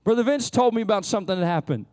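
A man's voice: high voice, lively intonation, rapid-fire, a little mellow. A male pastor preaching a sermon, impassioned, with frequent restarts and repetitions.

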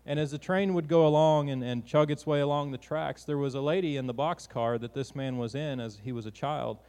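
A man's voice: fairly high pitch, fairly even intonation, brisk, a little mellow, clear, resonant tone, big-room sound. A man preaching a sermon in an earnest, conversational way, often restarting his sentences.

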